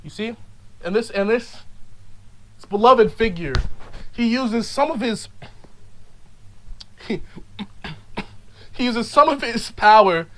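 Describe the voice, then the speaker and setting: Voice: takes it slowly, long pauses, a little hiss or hum, poor audio. Stammering mock-serious rambling vlogger. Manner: swings between loud outbursts and low mumbling. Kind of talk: rambling ironic monologue.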